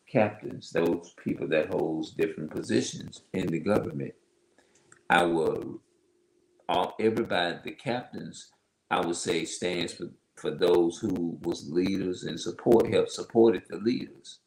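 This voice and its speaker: Heavy-voiced man reading scripture slowly. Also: low voice, creaky, roomy sound, low-quality recording. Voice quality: heavy, loud voice. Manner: slow, emphatic, repeats himself. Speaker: online religious teacher. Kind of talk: Bible reading with loose commentary.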